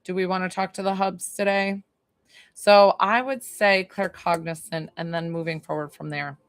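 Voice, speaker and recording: A woman's voice: lowish voice, steady tone, moderate pace, no echo. A woman hosting a live stream as a psychic medium from her basement, chatting effusively with viewers and swearing casually. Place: basement room.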